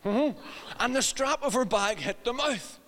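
Speaking in a hall with long reverb, this middle-aged pastor weaves a humorous family anecdote into his sermon, voicing the characters and chuckling at his own jokes. His voice is very high and a bit bright, with lively intonation and an unhurried pace.

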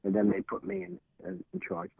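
A man's voice: high voice, very animated, fairly quick, vocal fry, slightly rough, no room sound. A middle-aged man telling stories as an interview guest, rambling and stumbling over repeated words while acting out old conversations. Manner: rambling, repeats words, acts out quoted dialogue. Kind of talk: casual storytelling. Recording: tinny phone-like audio.

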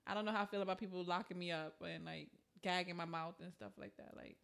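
A woman's voice: fairly low pitch, steady tone, fast talker, vocal fry, a bit bright. A young woman co-hosting a podcast, chatting casually, joking, laughing a lot and trailing off. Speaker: podcast co-host. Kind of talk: casual chat.

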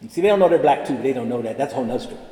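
Lively older man speaking in an echoing chapel. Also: mid-range voice, racing. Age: about 70. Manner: animated storyteller, acts out dialogue. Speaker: convocation speaker. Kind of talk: ceremonial address with personal stories. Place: large chapel. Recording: echoey chapel with long reverb.

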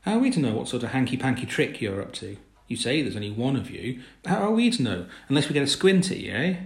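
A man playing a gruff, blunt fisherman who talks in rough sailor slang, recorded with a roomy echo. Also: mid-range voice, sing-song, fast talker. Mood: suspicious.

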